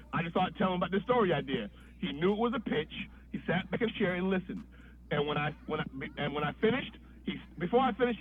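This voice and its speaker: A man's voice: high voice, phone-quality sound, slight background noise. A man, a podcast guest, telling a long story in a loose, profane way, often restarting his sentences. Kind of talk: casual storytelling.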